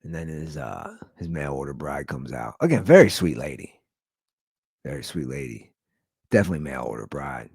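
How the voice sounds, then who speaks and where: Low-voiced rambling man in his forties. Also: normal speed, gravelly, slightly rough, dry recording, clean studio sound. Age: 40s. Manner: rambling and animated, with lots of "like". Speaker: podcast host. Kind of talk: comedic storytelling monologue.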